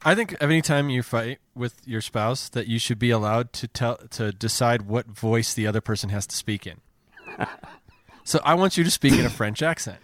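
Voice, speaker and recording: A man's voice: medium pitch, normal speed, fairly bright tone, dry recording. A man co-hosting a casual podcast, teasing and sarcastic with his friends. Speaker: podcast co-host. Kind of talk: casual chat.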